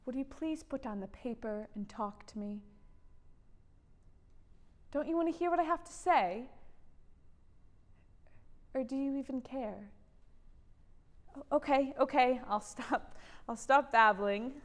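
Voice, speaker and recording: A woman's voice: high voice, measured pace, long pauses. A young student actress playing a chattering, anxious housewife of the 1910s who pleads with her husband, stammering often. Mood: fretful. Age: young adult. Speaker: student actor. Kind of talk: stage monologue.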